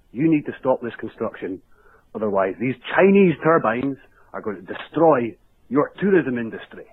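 A man's voice: mid-range voice, breathy edge, no room sound. Scottish man on a tinny phone line. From Scotland. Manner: casual, chatty storytelling. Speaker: caller. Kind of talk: phoned-in voicemail story.

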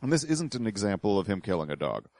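Give me a man co-hosting a podcast, dry and sarcastic, with lively intonation. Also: on the low side, fast talker, no echo. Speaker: podcast co-host. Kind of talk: casual commentary.

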